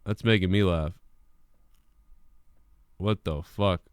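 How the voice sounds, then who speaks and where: A man's voice: deep voice, slow pace, smooth, dry recording, clean studio sound. A young man hosting a live stream, talking casually in a rambling way with lots of swearing and restarts.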